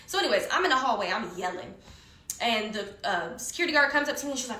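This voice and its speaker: Fired up woman telling her story, cussing, kinda high voice, roomy echo. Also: fast. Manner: animated, profane, heated. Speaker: guest storyteller. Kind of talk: casual storytelling. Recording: echoey room.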